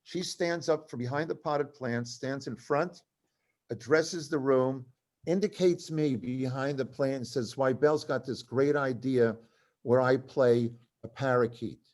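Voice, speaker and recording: A man's voice: mid-range voice, unhurried. An older man, a comedy writer, telling stories at a live talk and acting out the voices of the people in them. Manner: animated, acts out other people's voices in quotes. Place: cultural center venue, live event.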